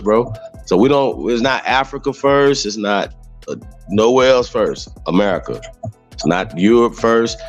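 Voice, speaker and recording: Man, very low voice, blunt and rambling, dull lo-fi audio. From Mississippi. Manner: blunt, heated, rambling, profane. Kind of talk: casual livestream talk.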